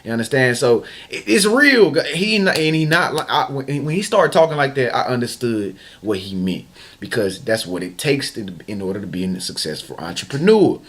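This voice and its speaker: A man's voice: mid-range voice, animated, a little fast. A man giving a casual, slangy motivational talk as a vlog host, hammering phrases again and again and often restarting sentences. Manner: emphatic and repetitive, hammering phrases over and over. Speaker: motivational vlogger.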